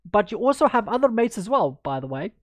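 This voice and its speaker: A woman's voice: mid-range voice, big pitch swings, fast, no echo, studio quality. A woman chess coach in a livestreamed lesson, chatty and upbeat, answering viewers by name as she goes through moves.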